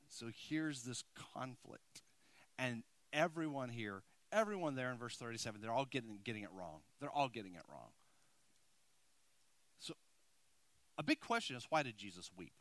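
A man preaching a sermon as pastor, swinging between loud emphasis and hushed intensity, repeating words and checking in with his congregation. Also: medium pitch, lively intonation, normal speed, pauses often, no echo.

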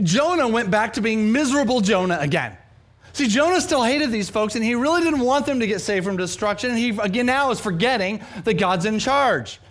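A man from New Mexico, a pastor, preaching a sermon with animated, humorous storytelling and self-deprecating asides. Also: on the high side. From New Mexico, USA.

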